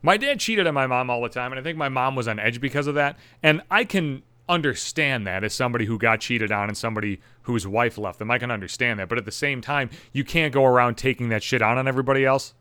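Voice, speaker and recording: A man's voice: medium pitch, fast talker, hardly any pauses, pushed and bright, smooth, no echo. Profane, sarcastic man ranting on a podcast. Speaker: podcast host. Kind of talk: solo podcast monologue.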